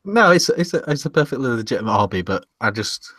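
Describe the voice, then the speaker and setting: A man's voice: mid-range voice, big pitch swings, fast talker, fairly bright tone, no echo. A British man co-hosting a casual podcast chat, restarting his sentences and laughing often. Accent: British English. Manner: hesitant, repeats words and laughs often. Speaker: podcast co-host.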